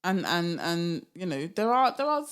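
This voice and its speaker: A woman's voice: on the low side, sing-song, normal speed, clean tone. A young woman hosting her own podcast, talking casually and animatedly, often laughing and asking rhetorical questions. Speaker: podcast host. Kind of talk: casual solo podcast monologue.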